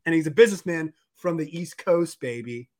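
A man hosting a casual sports podcast, animated and rambling with lots of fillers. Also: a little high, brisk. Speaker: podcast host.

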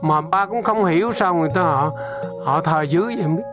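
An older man from Vietnam recounts a strange family story at a brisk clip. He talks in bursts, doubling his words for emphasis. Music plays clearly behind him. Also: a little high. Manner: animated, repeating words as he tells it. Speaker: storyteller father.

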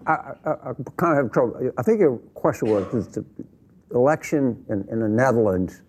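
A man's voice: medium pitch, lively intonation, brisk, darkish tone, a little hiss or hum. A man arguing emphatically on a studio panel, repeating points and pushing his voice up when pressed. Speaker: panel guest. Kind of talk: heated panel discussion.

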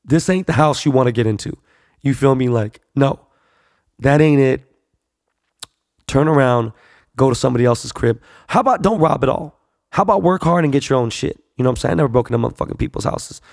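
Man, casual host monologue, heavy fry, blunt street slang, profane and emphatic. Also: medium pitch, animated, fast talker, a little mellow, no room sound, clean studio sound. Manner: emphatic, repeats himself for weight.

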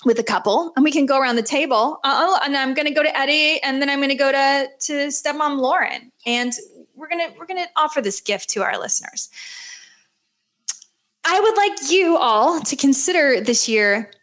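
Woman podcast host, high voice, animated ranting, sarcastic. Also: moderate pace. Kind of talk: casual podcast chat.

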